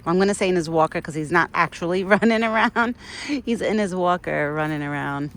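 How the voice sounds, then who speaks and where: A woman's voice: on the low side, a little fast. A young woman chatting casually in a vlog, talking sweetly to a deer while filming on a trail with her phone. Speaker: vlogger feeding a wild deer. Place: outdoors on a trail. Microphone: phone camera. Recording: outdoor phone recording with noise.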